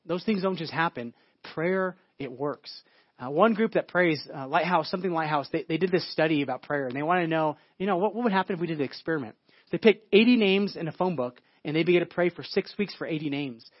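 A man's voice: a little high, no echo. A man preaching a sermon as pastor, telling a long story and often repeating words and restarting his sentences. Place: church. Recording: dull lo-fi sound.

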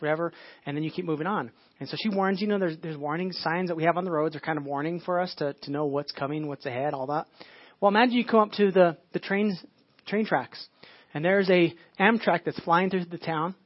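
Fast-talking man preaching a casual sermon. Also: high-pitched, no room sound, highs cut off. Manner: conversational preaching with frequent restarts and "like" asides. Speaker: pastor.

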